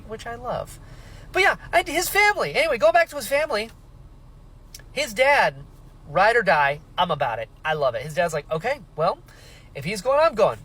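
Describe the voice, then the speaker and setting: Lively, high-voiced man reacting to a book. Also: husky, poor audio. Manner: animated, emotional reactions, casual swearing. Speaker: book reviewer. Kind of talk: casual book reaction vlog.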